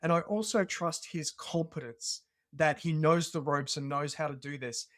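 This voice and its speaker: A man with an Australian accent, a podcast guest telling a personal story in an earnest, animated way. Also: a little high, moderate pace, no echo, studio quality. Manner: earnest and animated, acts out remembered dialogue. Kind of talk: conversational storytelling.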